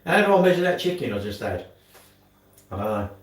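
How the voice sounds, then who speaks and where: A man's voice: mid-range voice, big pitch swings, fairly quick, background noise. A man live-streaming from his home kitchen, rambling casually and muttering to himself as he does chores. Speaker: livestreamer. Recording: echoey room, mic set far off.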